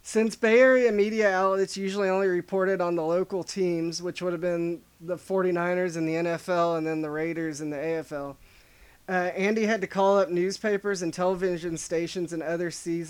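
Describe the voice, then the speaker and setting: Podcast host, male, high and smooth voice, easygoing storyteller. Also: fairly even intonation, brisk. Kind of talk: casual chat.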